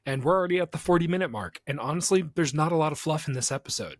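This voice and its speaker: A young man co-hosting a casual podcast, animated, laughing often and slipping into silly voices. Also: a little high, racing, dry recording, studio quality. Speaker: podcast co-host.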